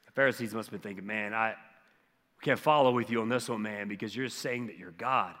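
A man's voice: on the low side, fairly quick, fairly bright tone, long reverb tail. A man preaching a sermon in a conversational, emphatic way. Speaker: pastor.

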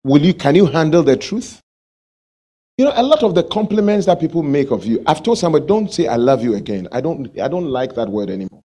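A man's voice: on the high side, lively intonation, a little fast, mellow. A male pastor preaching a sermon, asking the congregation questions and acting out everyday quarrels.

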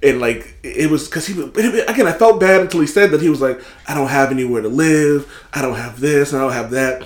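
A man telling a story in casual, animated chat, swearing freely and acting out what others said. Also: a little high, brisk, reverberant. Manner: animated, swearing, acts out quotes in other voices.

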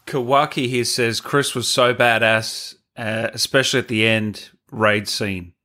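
A man hosting an interview, upbeat, reading out viewer comments slowly and chuckling along. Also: mid-range voice, steady tone, sharp tone. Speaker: host.

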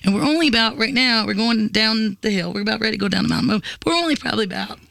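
A woman guest on a podcast, telling a story in a casual, animated and profane way. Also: a little high, rapid-fire, creaky, dry recording.

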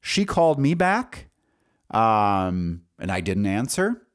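Male podcast host, forties, low voice, lively pitch, loose rambling storyteller. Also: takes it slowly, clean tone. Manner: rambling, frequent fillers and restarts. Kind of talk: personal storytelling monologue.

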